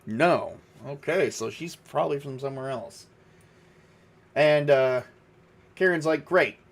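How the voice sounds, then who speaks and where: A man's voice: medium pitch, a little slow. A man narrating a solo tabletop role-playing game, thinking aloud casually with lots of fillers. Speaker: game master and solo player.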